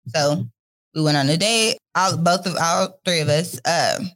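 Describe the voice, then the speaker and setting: A woman's voice: lowish voice, a little slow, a bit bright. A young adult woman on a podcast, telling her own story candidly with lots of fillers and laughter. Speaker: podcast guest. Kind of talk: casual chat.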